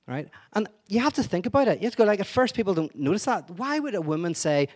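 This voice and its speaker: A man giving an energetic, digressive lecture-style talk, full of wry asides and restarts. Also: sits high, racing, hardly any pauses.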